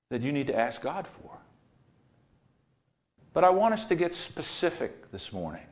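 A male pastor delivering a sermon, telling a Bible story with vivid, dynamic delivery that swings between loud and hushed. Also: mid-range voice.

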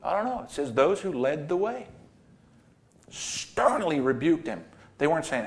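A male pastor delivering a sermon, telling a Bible story with vivid, dynamic delivery that swings between loud and hushed. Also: fairly high pitch, very animated, moderate pace, vocal fry.

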